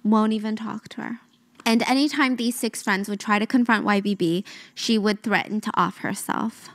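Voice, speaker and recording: A woman's voice: medium pitch, fairly even intonation, moderate pace, no echo. A woman telling a true story in a casual, chatty way, sprinkled with filler words. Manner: chatty, lots of 'like' fillers.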